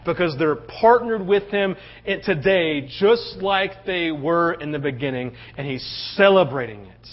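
A man with a high voice preaching in a casual, animated style, often tossing in "right?" to the congregation. The recording sounds dull and lo-fi. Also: unhurried, few pauses. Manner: conversational, animated, acts out quotes, often asks "right?". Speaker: pastor. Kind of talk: sermon.

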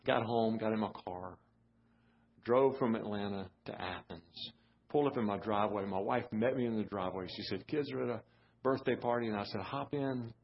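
A middle-aged man preaching a storytelling sermon, halting and repeating words, building to fervent preaching. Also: fairly low pitch, slightly rough. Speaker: guest pastor. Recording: dull lo-fi sermon audio.

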